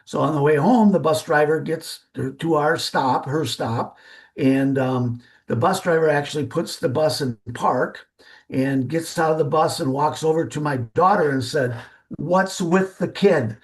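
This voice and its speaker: A man's voice: on the high side, moderate pace. An older man, a driver safety expert and podcast guest, telling a folksy, rambling family anecdote with restarts. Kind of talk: storytelling anecdote.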